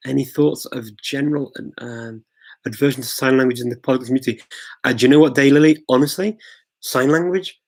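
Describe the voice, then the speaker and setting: An English host chats enthusiastically through a livestream Q&A, answering viewers casually with plenty of ums and restarts. His mid-range voice is darkish and a little fast, and the audio quality is poor.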